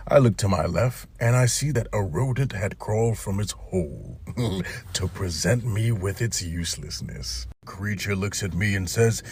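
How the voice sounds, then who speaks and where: A man's voice: fairly low pitch, normal speed, a little mellow, breathy edge. A man in comedic storytelling, mocking and dramatic in his delivery.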